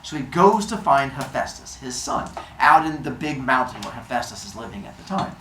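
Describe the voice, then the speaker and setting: A woman's voice: a bass voice, expressive, moderate pace, a bit bright, slight background noise. A woman telling a myth in a casual, jokey way, full of asides and acted-out voices. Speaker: storyteller. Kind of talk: casual comic retelling of a myth. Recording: roomy echo, faint ambience.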